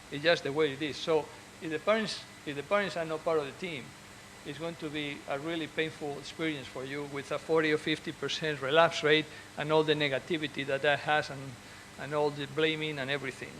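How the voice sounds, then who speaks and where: Earnest man, higher-pitched voice. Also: steady tone, fairly quick, hardly any pauses, fairly bright tone, slight background noise, rough recording. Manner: earnest and encouraging, with frequent restarts and repeated words. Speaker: orthopedic surgeon. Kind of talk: speaking to fellow doctors.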